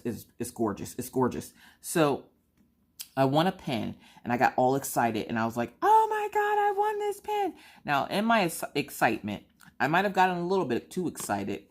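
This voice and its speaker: A woman in her thirties chatting casually while crafting, telling stories and squealing high when she acts out her own quotes. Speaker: crafting vlogger.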